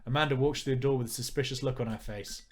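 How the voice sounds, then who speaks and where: A man's voice: mid-range voice, steady tone, fast talker, faint music behind. A man reading a visual novel aloud and commenting on it with dry jokes. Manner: wry, joking asides. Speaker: let's player.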